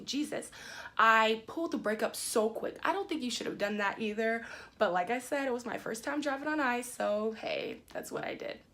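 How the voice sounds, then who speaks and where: A young woman talks straight to her followers in a loose storytime vlog. She rambles with plenty of "like" and "um", and her voice shoots up high when she gets indignant. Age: young adult. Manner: animated, rising high when indignant, many "like" and "um" fillers. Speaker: vlogger.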